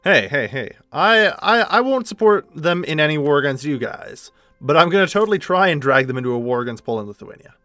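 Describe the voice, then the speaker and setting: A man's voice: a little high, animated, brisk, pushed and bright, no room sound, faint music behind. A man talking eagerly during a multiplayer strategy game, laying out his plans. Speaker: game player. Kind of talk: casual multiplayer gaming chat.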